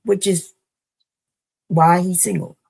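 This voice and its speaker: A woman's voice: lowish voice, steady tone, takes it slowly, creaky, darkish tone, slightly rough, rough recording. A woman panelist arguing in casual debate, pressing the others with questions.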